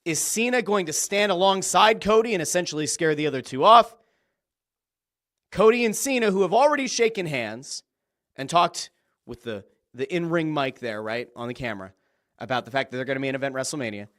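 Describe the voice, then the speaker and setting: Animated man hosting a wrestling podcast. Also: fairly high pitch, brisk. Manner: animated, excitable storytelling with swearing. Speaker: podcast host. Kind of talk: solo wrestling commentary podcast.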